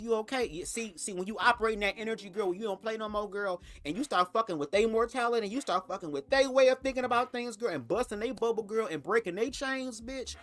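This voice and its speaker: A young man telling a personal story to camera in a casual, sassy, profane way. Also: fairly bright tone. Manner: profane, sassy, emphatic with big pitch swings. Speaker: storytime vlogger.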